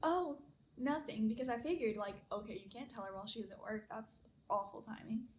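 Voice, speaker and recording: A woman's voice: medium pitch, fairly even intonation, quick pace. A young woman telling a personal story in a chatty, casual way, full of "like" fillers. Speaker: vlogger. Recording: echoey room, faint noise.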